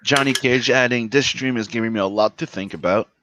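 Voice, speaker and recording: A man's voice: medium pitch, fairly quick, pushed and bright, slight background noise. A man hosting a livestream who reads viewer comments aloud in an offhand, casual way. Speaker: stream host reading chat. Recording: dry, slightly dull mic.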